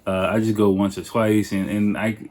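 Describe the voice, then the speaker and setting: A man's voice: lowish voice, little pitch movement, normal speed, darkish tone, a little hiss or hum. A man hosting a podcast, telling a rambling story in a casual, profane, laid-back way. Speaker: podcast host.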